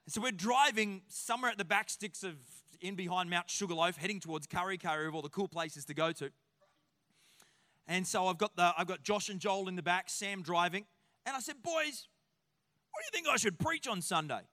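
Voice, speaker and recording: A man in his forties with an Australian accent, preaching a sermon as a pastor in a lively, joking storytelling way. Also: sits high, a little fast, in a large hall.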